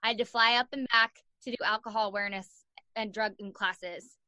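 A young woman in an interview telling a story in a casual, animated way, full of "like" fillers and acted-out quotes. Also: medium pitch, brisk, no room sound, highs cut off. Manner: animated, acts out quoted voices, many "like" fillers. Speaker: guest.

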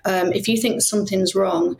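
Woman, British accent, middle-aged, gravelly voice, earnest, podcast guest. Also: mid-range voice, steady tone, normal speed, darkish tone, low-quality recording. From Britain. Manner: earnest, advising, laughs easily. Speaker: guest, former detective. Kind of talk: casual podcast interview.

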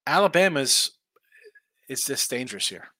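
A man's voice: medium pitch, sing-song, normal speed, sharp tone, dry recording. A man hosting a sports betting live stream, tired and yawning, rambling through picks and reading viewer chat aloud. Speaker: sports betting show host.

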